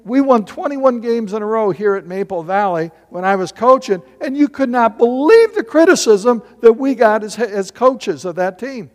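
A middle-aged man pastor preaching a sermon in a church, animated and full of rhetorical questions to the congregation. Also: very high-pitched, normal speed, hardly any pauses. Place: church sanctuary. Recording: long hall reverb.

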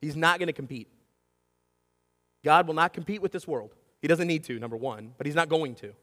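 Animated preacher in a reverberant hall. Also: male voice, on the high side, fairly quick. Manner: animated storytelling, acts out shouting and whispering, keeps asking "right?". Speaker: pastor. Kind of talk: sermon.

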